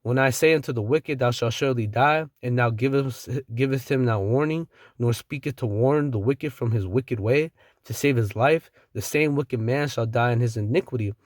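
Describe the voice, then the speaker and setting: A man's voice: medium pitch, normal speed, no room sound, clean studio sound. Blunt slangy man preaching scripture. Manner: reads verses then riffs in blunt slang, chuckles. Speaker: street preacher. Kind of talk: scripture-reading sermon.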